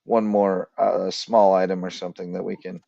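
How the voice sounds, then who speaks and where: A man's voice: sits low, level tone, moderate pace, vocal fry, warm tone, dry recording, highs cut off. A man hosting a casual sports podcast, telling stories and reading sponsor plugs in a chatty, joking way. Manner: chatty storyteller, jokey, reels off sponsor plugs. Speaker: podcast host.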